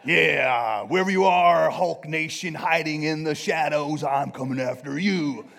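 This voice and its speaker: A man doing an impression of a macho male pro wrestler, growling, drawn-out and boastful. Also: fairly high pitch, gravelly, fairly bright tone. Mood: menacing.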